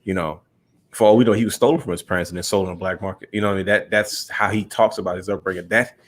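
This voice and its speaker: Low-voiced man in rambling podcast chat. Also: racing. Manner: relaxed, rambling storyteller, calls listener bro. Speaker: podcast co-host. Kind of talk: casual chat.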